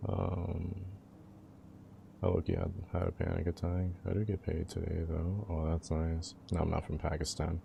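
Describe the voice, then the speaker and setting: A young man chats loosely with his livestream audience in easy slang. His voice sits very low with a heavy rasp of vocal fry. The tone is dark and mellow, with a faint hiss of noise behind it. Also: monotone, normal speed. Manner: laid-back, slangy, talks to chat. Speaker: live streamer. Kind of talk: casual livestream chat.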